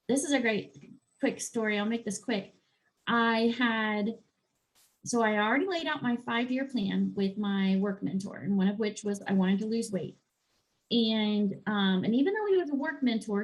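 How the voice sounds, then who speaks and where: A woman health and life coach chatting casually in a podcast interview, telling a personal story and acting out her own thoughts in animated bursts. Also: mid-range voice, poor audio. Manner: animated, quick swings into acted-out inner voices.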